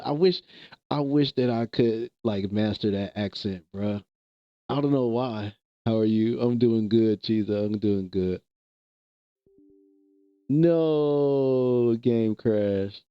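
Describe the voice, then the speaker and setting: A man's voice: on the low side, no echo, lo-fi sound. A man streaming live, chatting casually with viewers in loose slang and laughing often.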